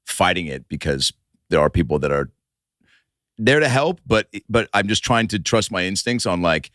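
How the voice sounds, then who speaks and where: A man in his forties spinning loose, profane stories on a podcast, pitched on the low side and recorded bone dry. he rambles through long anecdotes with plenty of restarts and fillers. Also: lively intonation, normal speed, fairly bright tone, dry recording. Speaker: comedian guest. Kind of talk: casual podcast chat.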